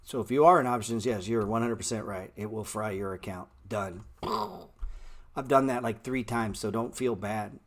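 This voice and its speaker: A low-voiced man runs a live stock-trading stream and talks straight to his chat. His talk is blunt and slangy, full of bro and man, and he repeats words playfully to make a point. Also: normal speed, hardly any pauses. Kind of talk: live market commentary answering chat.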